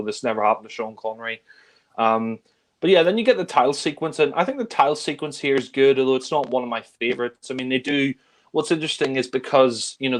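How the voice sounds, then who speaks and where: Chatty man rambling about films. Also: medium pitch. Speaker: film discussion co-host. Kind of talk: casual film discussion.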